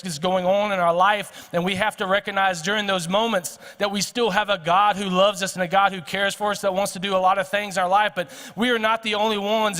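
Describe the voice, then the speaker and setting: A man's voice: high voice, bright, forceful tone, big-room sound. A male pastor with a Texan accent preaching a sermon to his congregation, talking conversationally, often restarting phrases and asking the room questions. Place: church sanctuary.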